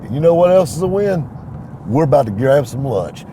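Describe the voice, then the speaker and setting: A man's voice: mid-range voice, brisk. Middle-aged guy with a drawl spinning a yarn, voice bouncing all over, traffic noise behind. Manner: folksy, animated, quotes others in his own voice. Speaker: vlogger, used car dealer. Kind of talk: casual storytelling to camera.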